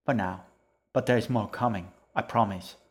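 A man's voice: fairly low pitch, moderate pace, close to an everyday voice. A man voicing a sullen, secretive young boy in an audiobook reading, answering tersely.

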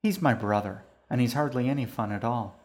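A man voicing a cheeky, curious young girl in a storybook reading, raising his voice higher and teasing. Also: brisk, a little mellow, lightly acted. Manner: playful and teasing.

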